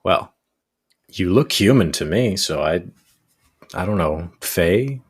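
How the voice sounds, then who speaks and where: A man's voice: deep voice, animated, slow, husky, heavily acted. A man doing a grinning, oddly formal hunter. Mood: cheerful.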